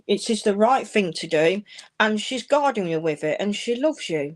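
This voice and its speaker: Here a medium hosts a live-streamed mediumship session, her voice medium in pitch, expressive, and moderately paced. She reassures the callers warmly, addressing them as "darling" and "my love" throughout the psychic readings.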